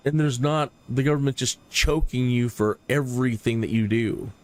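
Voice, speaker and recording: Speaking at a moderate pace in a darkish, medium-pitched voice, this man runs a flight sim livestream. His commentary is casual, rambling and opinionated, with frequent repeated words.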